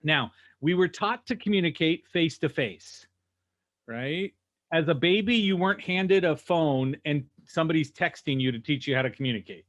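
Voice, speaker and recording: A man coaching dealership sales staff over a video call, energetic and rhetorical, constantly checking in with "right?" and "okay?". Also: a little high, normal speed. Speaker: sales trainer. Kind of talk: animated teaching on a video call.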